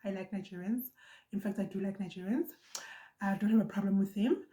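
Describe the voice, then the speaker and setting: A young woman with a South African accent tells a personal story to her viewers in a casual, animated vlog style, talking fast in bursts and repeating lines for emphasis. Her voice is soft and mellow rather than bright, and it rings out in a roomy, echoey space. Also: medium pitch. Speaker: vlogger.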